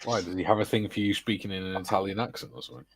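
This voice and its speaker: A man's voice: lowish voice, steady tone, racing, gravelly, slight background noise. A man co-hosting a live stream, trading teasing, playful banter with the others. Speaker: stream co-host.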